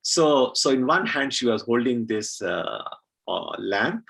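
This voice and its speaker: A man from India telling a devotional story at a temple celebration, unhurried, with frequent fillers. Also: mid-range voice, very animated, creaky, fairly bright tone, breathy edge, low-quality recording.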